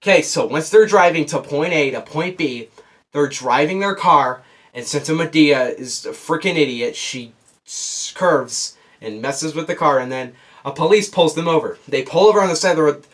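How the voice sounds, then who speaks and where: A young man talks straight to his camera in a casual review, his voice sitting a little on the high side. He rants with sarcastic exasperation. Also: normal speed. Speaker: movie reviewer. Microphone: camera on a desk.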